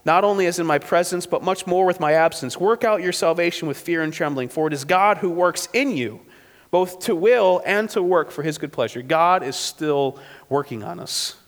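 A male pastor preaches in a casual, conversational way, checking in with "right?" as he goes. His voice sits a little high for a man. The sound carries a long reverb, like a church sanctuary. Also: a little fast. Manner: acts out quotes with sudden high shouted bursts. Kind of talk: sermon.

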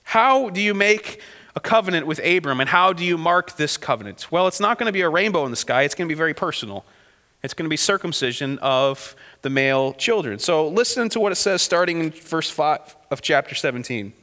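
A man's voice: on the high side, expressive, brisk, bright, forceful tone. A man teaching a Bible passage verse by verse, reading scripture aloud and asking his listeners casual rhetorical questions. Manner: reads scripture aloud between casual remarks. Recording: long hall reverb.

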